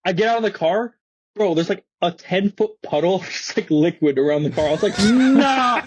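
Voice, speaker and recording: A man's voice: high-pitched, fairly quick, slight background noise, poor audio. A young man, a skateboarder guest on a podcast, telling a story casually with lots of slang and swearing, acting out what people said. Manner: slangy, animated, swears a lot, acts out quotes.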